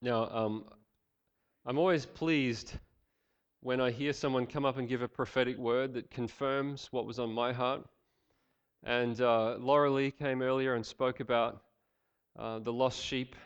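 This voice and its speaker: An Australian man preaching a sermon, swinging from loud, emphatic passages to quiet, intense ones. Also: medium pitch, fairly even intonation, a little slow, clear, resonant tone, muffled recording. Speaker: pastor.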